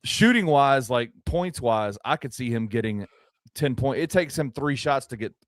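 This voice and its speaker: A man co-hosting a casual sports podcast, animated and joking, with incredulous asides. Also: medium pitch, moderate pace, no echo. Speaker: podcast co-host.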